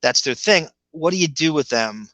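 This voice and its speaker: This man speaks with a Long Island accent and a bright, forceful tone as he co-hosts a podcast. He rambles along and chuckles as he goes. His voice is recorded dry and close, with no room echo. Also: fairly high pitch, animated. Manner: rambling, chuckling, slips into quick impressions. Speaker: podcast co-host. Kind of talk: casual commentary chat.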